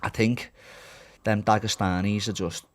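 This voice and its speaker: A man's voice: lowish voice, level tone, measured pace. A young man hosting a casual podcast, blunt and sweary, calling everyone "lad". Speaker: podcast host and fighter. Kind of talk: casual sporty banter. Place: indoor podcast studio.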